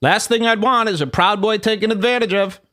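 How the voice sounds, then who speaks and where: A man's voice: high voice, brisk, pushed and bright, pitched above the performer's own voice. A man reading a smug male internet troll's posts in his own plain voice, sarcastic and goading.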